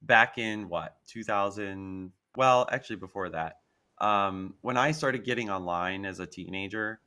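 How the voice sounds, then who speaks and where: A man's voice: fairly low pitch, measured pace, bright, forceful tone. A man chatting casually as a guest YouTuber, joking and rambling. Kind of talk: casual chat.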